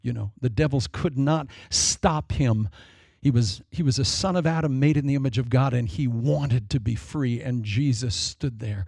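A man preaching a sermon, dramatic and storytelling, acting out voices in quick asides. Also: mid-range voice, creaky, a little mellow, husky, no room sound, studio quality. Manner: dramatic, acts out demons and people in quick asides.

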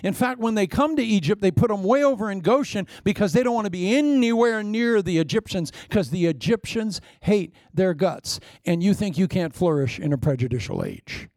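A man preaching a sermon, telling a story with lively energy and acting out the voices. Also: high-pitched, moderate pace, few pauses, dry recording, studio quality. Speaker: pastor.

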